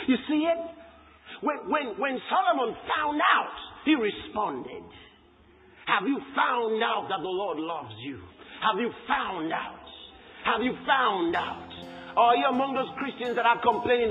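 A man preaching a fervent sermon, emphatic and repetitive, shouting some phrases and slowing down to stress scripture. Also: extremely high pitch, very animated, in a large hall, phone-quality sound.

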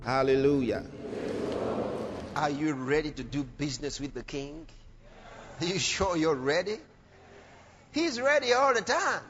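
A man preaching a fervent sermon, now and then rising to shouts and acting out the people he quotes. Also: a little high, animated, unhurried, long pauses. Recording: reverberant hall, dull sound, music behind.

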